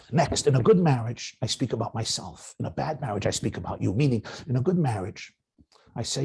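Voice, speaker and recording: Middle-aged male rabbi, marriage lecture, mellow and lively, acts out quoted spouses. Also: medium pitch, a little fast, creaky, slightly rough. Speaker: rabbi giving marriage guidance. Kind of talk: lecture to young married men.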